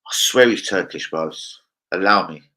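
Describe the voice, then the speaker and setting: A young man hosting a casual live football chat, brash and jokey, swearing a lot and swinging between loud outbursts and low muttering. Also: unhurried, poor audio. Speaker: livestream host.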